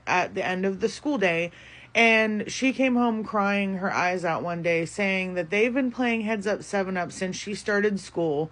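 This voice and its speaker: A woman in her thirties talks through a long personal story in a casual monologue. She sounds frustrated and keeps the thread going with lots of "like" and "you know." Her pitch sits in the middle range. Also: fairly bright tone. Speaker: parent telling a story.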